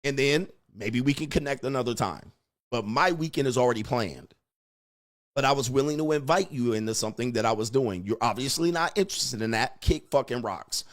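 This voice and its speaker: Talking a little fast in a medium-pitched voice, a dating advice host delivers an emphatic, blunt lecture. He swears along the way and acts out exchanges he's quoting.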